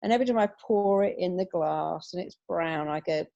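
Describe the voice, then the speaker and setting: A middle-aged woman being interviewed on a radio show, giving upbeat advice and acting out quick quoted asides. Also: medium pitch, creaky, lo-fi sound. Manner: animated, upbeat, quotes herself in little acted asides. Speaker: guest, hypnotherapist.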